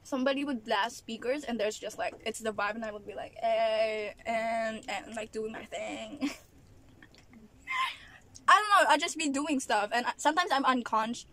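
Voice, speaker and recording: High-voiced woman venting mid-meal. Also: moderate pace, sharp tone. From Philippines. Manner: exasperated ranting with frequent laughs; talks while chewing food. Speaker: vlogger. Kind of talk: casual eating vlog rant. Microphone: camera at an angle.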